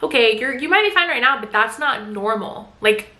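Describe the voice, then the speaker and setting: A woman's voice: fairly high pitch, lively intonation, normal speed, pushed and bright, reverberant. A woman voicing a protective, determined young man in a book recap, speaking bluntly and insistently. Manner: insistent, direct.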